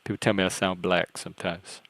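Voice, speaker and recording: A man's voice: low-pitched, flat delivery, fairly quick, gravelly, fairly bright tone. A man with a Southern US accent, a Louisiana, Cajun and Texas blend, hosting a livestream in rambling, self-deprecating casual chat. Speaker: livestream host.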